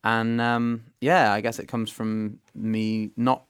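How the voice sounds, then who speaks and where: Young british performer guest, chatty and self-deprecating, close dry sound. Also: male voice, on the low side, flat delivery, takes it slowly, clear, resonant tone, no room sound. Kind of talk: casual interview chat.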